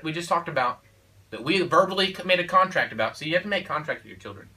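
Animated, fast and sharp-toned, this man's voice sits on the high side. He's a father of four voicing parenting opinions in a casual conversation, emphatic and preachy, with frequent "you know" and "okay?". It's a low-quality recording taken from a distance.

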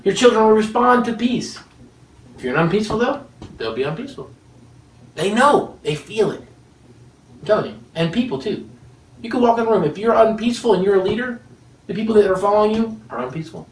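A man preaches a sermon in a lively, joking way, often breaking into laughter. His voice sits high and swoops widely. He sounds distant, in a roomy, echoing space. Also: a little fast, slight background noise. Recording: echoey room, mic at a distance.

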